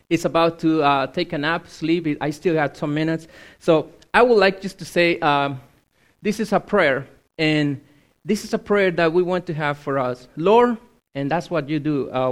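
A man from Mexico preaching a sermon as a missionary in a church, earnest and emphatic, repeating his key phrases. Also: on the high side.

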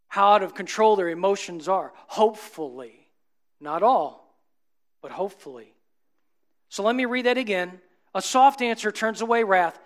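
A man with a notably high voice delivers a sermon. He poses rhetorical questions to his listeners and swings between emphatic, raised peaks and low, soft drops. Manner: asks the congregation rhetorical questions. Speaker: preacher.

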